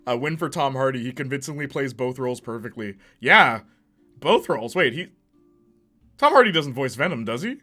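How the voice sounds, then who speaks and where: A man hosting a casual movie ranking, excitable and slangy, laughing often as he talks. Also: mid-range voice, moderate pace, soft background music. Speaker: host.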